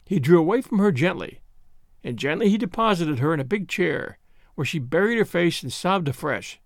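A man narrating a classic short story in an expressive, measured reading voice. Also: on the high side, dry recording, studio quality.

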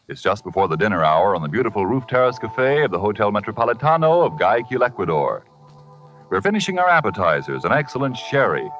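Smooth-selling old radio announcer man. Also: fairly low pitch, fairly bright tone. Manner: smooth, persuasive. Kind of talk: scripted advertisement narration. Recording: dull old radio recording.

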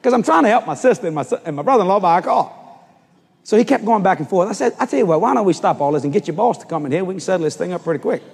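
Animated older preacher, big hall. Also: male voice, high voice, very fast, gravelly, husky. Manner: animated storyteller, acts out voices and shouts at the climax. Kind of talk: storytelling sermon.

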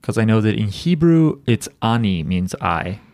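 A man co-hosting a podcast speaks at normal speed in a low, darkish voice with big pitch swings, recorded with clean studio sound and no room echo. In casual chat, he jokes and rambles with fillers.

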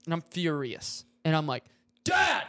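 A young man casually telling a story on a podcast, acting out the quotes with sudden loud yelps. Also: a little high, lively intonation, a little fast. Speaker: podcast co-host.

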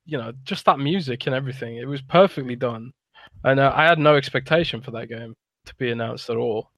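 A man's voice: medium pitch, no room sound. Laid back blogger guy on a podcast, mid voice, laughs a lot, dry close mic. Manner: easygoing, laughs often, candid. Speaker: podcast co-host, games blogger. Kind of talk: casual podcast chat.

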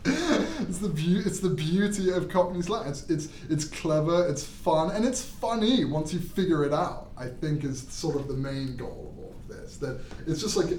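A man's voice: on the high side, big pitch swings, normal speed, recorded from a distance, crowd noise. A man explaining things in a casual chat, laughing often. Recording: roomy sound, off the mic.

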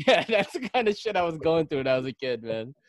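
A man's voice: a little high, sing-song, fairly quick, no echo, clean studio sound. A man from the Philippines hosting a casual knife podcast, telling stories in a rambling way with lots of fillers and restarts. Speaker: podcast host.

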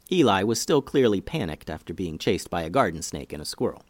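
A man hosting a children's story podcast, narrating in an animated, friendly storytelling way. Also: sits low, brisk, few pauses, dry recording, clean studio sound.

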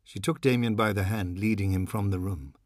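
A man reading a novel aloud in a measured, dramatic manner. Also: on the low side, fairly even intonation, dry recording, studio quality. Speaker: narrator. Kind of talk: audiobook reading.

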